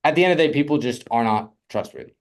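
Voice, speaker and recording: A young man coaching on real estate funding in a casual, energetic teaching talk, often asking "right?". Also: mid-range voice, very fast.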